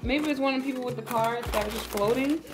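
High-voiced woman friend chiming in. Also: quick pace, music in the background. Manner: short approving comments. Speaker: friend helping open gifts. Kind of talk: casual chat.

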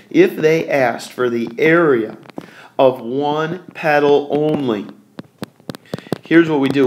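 A man's voice: medium pitch, a little hiss or hum. Man teaching math while he draws. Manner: talks while drawing, corrects himself and thinks aloud. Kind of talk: recorded whiteboard lesson.

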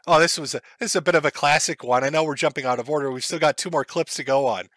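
A man's voice: on the high side, fast talker, a bit bright, no echo. A male streamer host giving crude, sarcastic commentary on clips, laughing at them.

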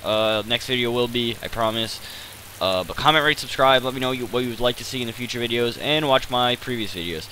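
A man's voice: medium pitch, fairly quick, few pauses, pushed and bright, slight background noise, low-quality recording. A man giving rambling, self-deprecating commentary over his gameplay, hesitant and full of fillers. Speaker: gaming channel host.

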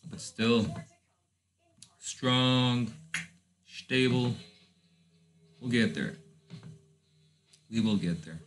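A man from Lisbon, a native Portuguese speaker, giving casual let's-play commentary in English, thinking aloud with rambling asides and bursts of excitement. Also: medium pitch, extremely slow, long pauses. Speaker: gaming channel host.

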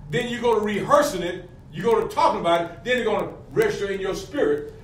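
Man, middle-aged, fervent preacher, high pitch, echoey room, faint background noise. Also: animated, quick pace, recorded from a distance. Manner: fervent preaching with call-and-response questions. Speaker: pastor. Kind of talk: sermon.

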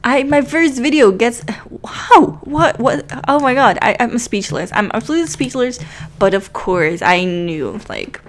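A woman voicing a supremely confident young female game character, loud and boastful. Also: mid-range voice, lively intonation, normal speed, a little hiss or hum, lightly acted. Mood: excited.

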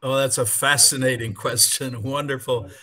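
Bright, halting man on a call. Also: mid-range voice, fairly even intonation. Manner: halting, many fillers, enthusiastic. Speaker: conference panelist and English teacher. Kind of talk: conversational answer on a video call. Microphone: video call.

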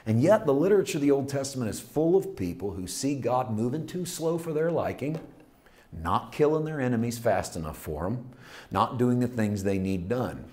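A man preaching a sermon, swinging from hushed asides to loud, intense scripture readings, with folksy humor. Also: lowish voice. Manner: reads scripture aloud with rising intensity. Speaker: pastor.

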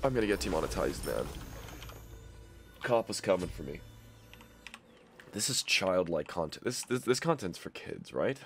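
A young man with a stuffy nose giving excitable commentary over his own gameplay, trash-talking opponents. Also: sits low, moderate pace, long pauses, a little hiss or hum. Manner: excitable, swings to loud yelps and trash talk. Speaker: gaming YouTuber. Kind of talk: game commentary.

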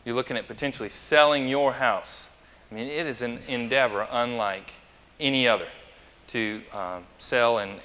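A man's voice: medium pitch, sharp tone. A male pastor preaching a conversational sermon, chatty and anecdotal, who asks the congregation questions. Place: church sanctuary. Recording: long church reverb.

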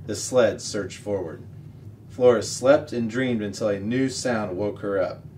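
A man reading a children's novel aloud as the show's regular reader, steady and expressive. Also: lowish voice, unhurried. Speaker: story reader. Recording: distant mic, faint noise.

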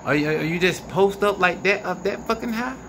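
A man filming the night sky on his phone outdoors, giving excited and profane running commentary to his viewers. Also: high-pitched, brisk. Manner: animated, profane, incredulous, talks to viewers. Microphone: phone camera. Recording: noisy outdoor phone recording. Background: crickets and insects, passing vehicles.

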